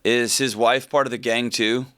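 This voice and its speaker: A man hosting a call-in advice show, playful with callers and then calm and caring. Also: medium pitch, moderate pace, smooth, no echo. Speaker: radio show host.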